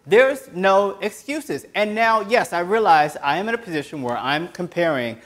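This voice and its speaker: Male host, high pitch, fiery sarcastic solo rant. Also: lively intonation, normal speed. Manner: impassioned, sarcastic, breaks into yelling. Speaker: host of a web commentary show. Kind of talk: solo political commentary rant.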